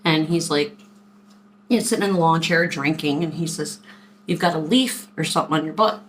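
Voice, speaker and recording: Low-voiced chatty woman telling stories. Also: normal speed, slight background noise. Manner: chatty, animated, quoting people in her stories. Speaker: vlogger. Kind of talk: casual storytelling to camera.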